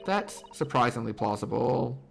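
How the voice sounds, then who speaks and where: A man's voice: mid-range voice, lively intonation, moderate pace, gravelly, soft background music. A man streaming a game live, chatty and laughing often, full of "like". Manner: chatty, laughs easily, filler "like". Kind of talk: live let's play commentary.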